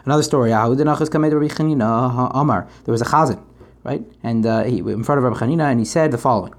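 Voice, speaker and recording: A man teaching a Talmud class, reading the Aramaic text and explaining it in quick, energetic English. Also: medium pitch. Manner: quick, energetic, reads Aramaic then translates.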